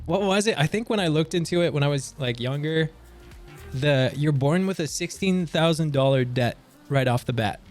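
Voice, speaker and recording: A young man from Canada riffs casually with his livestream chat, joking and jumping up in pitch when something surprises him. His voice sits a little higher than most men's. Faint music plays quietly behind him. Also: normal speed, pauses often. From Canada, near Montreal. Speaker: livestream streamer.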